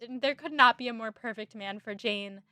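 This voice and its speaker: Co-host: woman, bright higher voice, giggly and gushing, dry close mic. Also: moderate pace, dry recording. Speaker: podcast co-host. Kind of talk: casual book-club chat.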